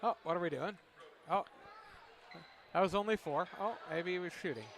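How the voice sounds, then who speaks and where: A man giving color commentary at a high school basketball game, with wry joking asides. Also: normal speed, a bit bright. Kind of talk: casual sports commentary. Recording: noisy gym broadcast. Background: gym ambience, basketball bouncing.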